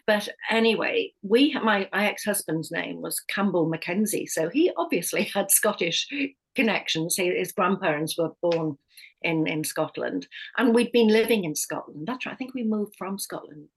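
A woman's voice: on the low side, moderate pace, gravelly, husky, low-quality recording. A middle-aged woman, a hypnotherapist and life coach, sharing a personal story as a podcast guest, speaking candidly and often restarting her sentences. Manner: candid, with frequent restarts and self-corrections.

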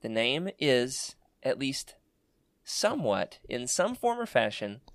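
A man's voice: medium pitch, big pitch swings, slow, dry recording, clean studio sound. A man with an Arkansas accent hosting a casual chat show, teasing his co-hosts and laughing often. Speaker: podcast host.

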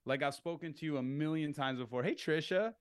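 Podcast guest, middle-aged man, lively storyteller, slips into upbeat phone voices, slightly higher pitch. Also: quick pace, over a noisy crowd. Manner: animated, acts out phone calls in upbeat voices. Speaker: real estate entrepreneur guest. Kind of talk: podcast interview, explaining sales tactics.

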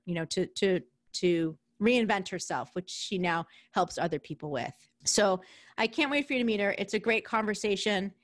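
A woman with a New York accent hosting a podcast interview, chatty and bubbly, laughing often. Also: mid-range voice. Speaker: podcast host. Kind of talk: casual interview chat.

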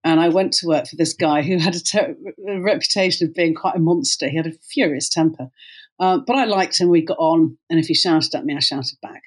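A middle-aged woman, a company co-founder, telling her career story in an interview in an animated way, with many fillers and restarts. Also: low voice, brisk, slightly rough. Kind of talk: conversational storytelling.

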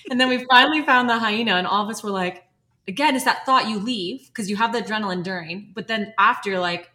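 A young woman telling animated, laughing stories as a guest on a casual podcast, often quoting what people said. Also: medium pitch, quick pace. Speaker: guest, wildlife filmmaker.

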